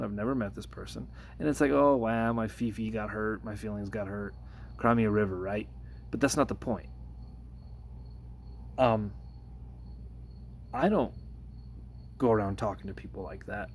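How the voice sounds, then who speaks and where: An earnest man with a fairly low voice speaks to his phone camera in a casual vlog. He talks hesitantly, restarting his sentences, and his voice climbs higher when the story gets heated. Faint noise sits under the recording. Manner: earnest, hesitant, many restarts, rises in pitch when retelling the confrontation. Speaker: workplace de-escalator.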